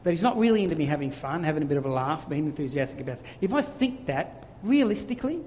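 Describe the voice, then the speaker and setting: A male pastor preaching a lively sermon, telling stories and acting out little voices as he goes. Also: a little high, fast talker, a little hiss or hum. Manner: animated storytelling, acts out voices. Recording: long hall reverb.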